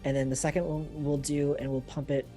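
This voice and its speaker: A man's voice: a little high, flat delivery, brisk, mellow, soft background music. A man playing a tabletop game, easygoing as he describes spells and adds up damage aloud. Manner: easygoing, talks through dice math aloud. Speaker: player.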